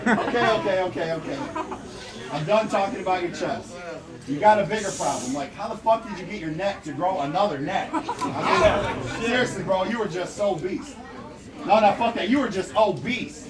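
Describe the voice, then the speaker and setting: A man's voice: high voice, normal speed. A man rapping mocking insult rhymes in a live rap battle. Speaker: battle rapper. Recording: roomy, distant live recording over a loud crowd.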